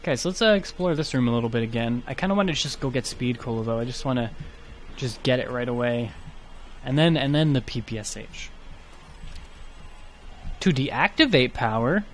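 A man's voice: mid-range voice, normal speed, long pauses, a little hiss or hum. A man giving casual let's play commentary, chatty and thinking aloud as he goes. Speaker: gaming YouTuber.

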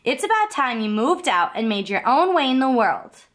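A woman's voice: high voice, very animated, normal speed, a bit bright. A woman voicing a fed-up mother pig in a storybook, scolding her children out of the house. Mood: exasperated. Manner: exasperated, scolding.

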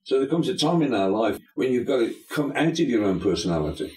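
A man's voice: mid-range voice, big pitch swings, fast, darkish tone. An older man, a pastor and bishop, talking emphatically in an interview, full of folksy sayings. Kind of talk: preacherly interview talk. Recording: echoey room.

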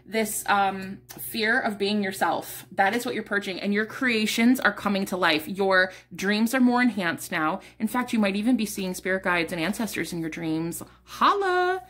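A woman's voice: mid-range voice, normal speed, few pauses, fairly bright tone. Chatty breathless woman reading tarot. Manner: chatty, rambling, restarts words, swears casually. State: a bit out of breath. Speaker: tarot reader. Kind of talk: casual pick-a-card tarot reading.

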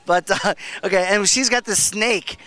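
Man, comedy street host, teasing, high bright voice, outdoor crowd behind. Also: normal speed. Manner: playful, teasing. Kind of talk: street interviews. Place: outdoors at a beach boardwalk.

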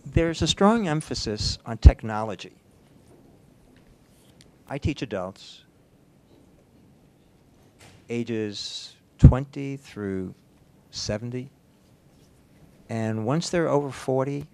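A teacher in the audience asking the speaker a question, matter-of-fact. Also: male voice, medium pitch, a little slow, pauses often, warm tone, slight background noise. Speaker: audience member, teacher of adults.

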